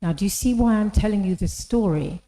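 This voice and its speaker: Woman, inspirational talk, engaging storyteller, questions to the audience, mid pitch, echoey hall. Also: fairly quick, warm tone. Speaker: speaker.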